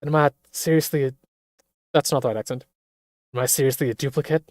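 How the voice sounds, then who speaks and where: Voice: mid-range voice, fast talker, dry recording, clean studio sound, natural voice. A streamer voicing a tough, defiant young woman in a video game, in a brash manner.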